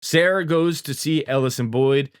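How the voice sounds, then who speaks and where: A man's voice: fairly high pitch, smooth, no echo, studio quality. A man hosting a recap video, telling events in a casual, profane way and jumping into characters' lines. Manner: profane, animated, acts out characters' lines in quick asides.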